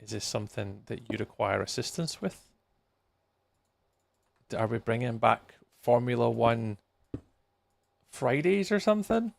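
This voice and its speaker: A man's voice: medium pitch, a little slow, gravelly, long pauses. A man chatting casually with viewers on a live game stream, tired and yawning as he reacts to messages while he plays.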